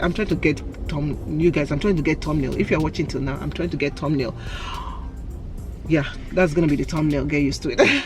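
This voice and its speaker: Chatty woman vlogger. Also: medium pitch. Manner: chatty and candid, laughs often. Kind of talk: casual Q&A vlog.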